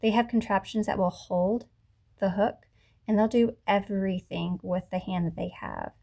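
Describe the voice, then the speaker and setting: A woman with a mellow, warm voice gives a beginner crochet lesson, speaking to a camera as she works. She talks patiently through each stitch, repeats steps slowly and corrects herself as she goes. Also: mid-range voice, very animated, creaky. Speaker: crochet teacher. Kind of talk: tutorial instruction. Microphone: camera mic.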